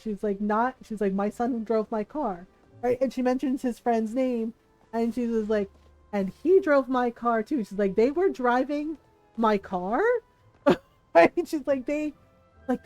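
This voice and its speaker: High-pitched woman streamer telling a story, dry close mic, faint game music behind. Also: warm tone, no room sound. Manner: chatty, acts out quoted voices, frequent "right?". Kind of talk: casual storytelling while gaming.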